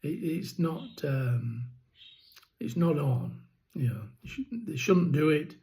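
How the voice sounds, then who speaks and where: A man's voice: a little high, lively intonation, takes it slowly, mellow, rough recording. A man with a rattle in his throat, explaining poultry keeping in a rambling, casual vlog. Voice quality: rambling, many ums and restarts. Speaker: poultry keeper vlogger.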